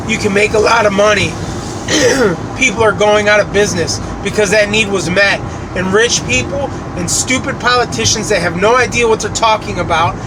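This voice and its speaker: A man in his late thirties from the United States, ranting and swearing as he drives. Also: high voice. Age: late 30s. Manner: angry, swearing rant. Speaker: vlogger. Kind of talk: ranting vlog while driving. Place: inside a moving car. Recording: road and engine noise from a car.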